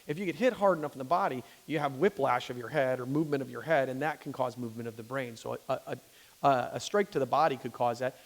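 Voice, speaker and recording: A male doctor lectures in a loose, conversational way, moving along at a brisk clip. His voice sits at an average pitch and rings with the long reverb of a church hall. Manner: conversational, checks in with "okay?", restarts sentences. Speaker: physician giving a public talk. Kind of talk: lecture to a lay audience.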